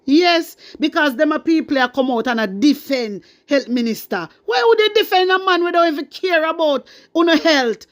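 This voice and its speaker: Jamaican lady going off in a vlog rant, high voice, fired up and talking patois. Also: expressive. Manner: indignant, passionate, fast patois rant. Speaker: vlogger. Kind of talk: ranting commentary vlog.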